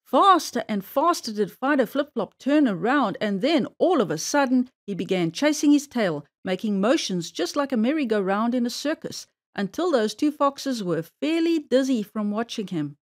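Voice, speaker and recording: A woman narrates a children's story with a playful, expressive delivery. Her voice sits high and bright. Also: moderate pace, few pauses.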